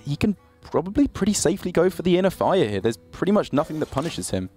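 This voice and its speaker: A man's voice: fairly high pitch, big pitch swings, fast talker, a little mellow, breathy edge, faint music behind. A man giving analytical live commentary on a card game tournament, laughing easily between plays. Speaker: esports caster.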